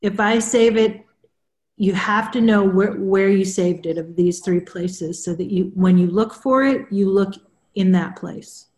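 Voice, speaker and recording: Her tone is a little mellow and her pitch sits in the middle as she chats informally on a group video call. This spiritual counselor explains slowly, keeps repeating herself, and sounds like she's in an echoey room.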